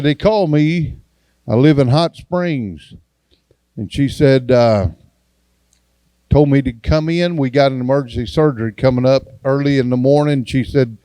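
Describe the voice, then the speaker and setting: A man's voice: mid-range voice, warm tone, no room sound. Folksy evangelist man telling his story. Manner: folksy storytelling, acts out dialogue. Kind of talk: testimony sermon. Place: church.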